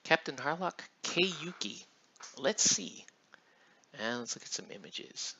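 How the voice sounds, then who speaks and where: A man's voice: a little high, expressive, slow, creaky, pushed and bright, a little hiss or hum. A man casually chatting and rambling while he paints miniatures on a live stream, with loose slangy talk. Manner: laid-back, rambling, slangy. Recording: dull lo-fi stream audio.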